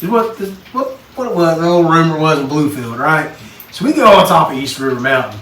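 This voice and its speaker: Casting note: man, podcast co-host, somewhat high voice, animated storyteller, roomy distant mic. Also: brisk. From Texas. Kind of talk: casual chat. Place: basement. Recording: echoey room, mic at a distance, faint noise.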